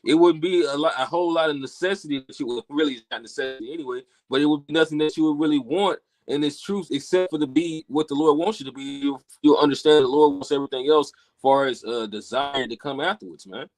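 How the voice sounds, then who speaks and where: A man's voice: fairly high pitch, quick pace, hardly any pauses, a little mellow, dry recording. A man talking casually about faith, rambling, correcting himself and cussing. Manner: rambling, profane, self-correcting.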